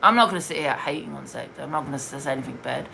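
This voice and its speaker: A woman's voice: low-pitched, rapid-fire, creaky, pushed and bright, a little hiss or hum. Blunt rambling woman streamer. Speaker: livestream host. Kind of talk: casual livestream chat.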